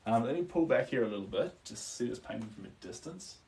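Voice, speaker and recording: A man's voice: mid-range voice, lively intonation, a little fast, gravelly, mellow, recorded from a distance, a little hiss or hum. A man with a New Zealand accent chatting casually on a live stream while he paints. He murmurs to himself about his strokes and stops now and then to answer viewer comments.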